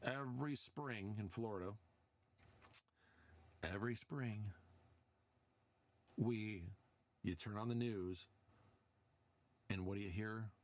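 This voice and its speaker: A man's voice: lowish voice, slow, long pauses, no room sound. A man hosting a podcast, delivering a casual, sarcastic, exasperated rant. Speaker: podcast host. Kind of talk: casual ranting monologue.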